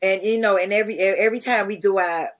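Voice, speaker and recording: A middle-aged woman, an interview guest telling stories in a lively way, acting out the lines of people she quotes. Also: medium pitch, fast. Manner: animated, acts out quotes, many restarts. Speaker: guest, charity founder. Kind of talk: conversational storytelling.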